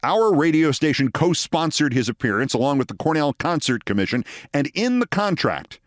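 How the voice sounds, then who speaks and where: A man's voice: on the high side, moderate pace, no room sound, studio quality. A man hosting a show, telling a long personal anecdote and acting out the voices of the people in it. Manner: animated anecdote with acted quotes. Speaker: host. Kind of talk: storytelling monologue.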